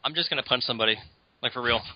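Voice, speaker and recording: A man co-hosting a podcast as guest host, giving dry, deadpan replies in casual chat. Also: mid-range voice, racing, no echo, dull audio.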